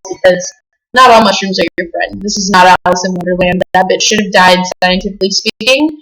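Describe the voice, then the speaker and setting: A woman's voice: medium pitch, a bit bright, low-quality recording. A woman from Las Vegas with a stuffy nose from being sick, telling a rambling, profane story in a casual vlog, full of fillers. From Las Vegas, USA. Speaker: vlogger.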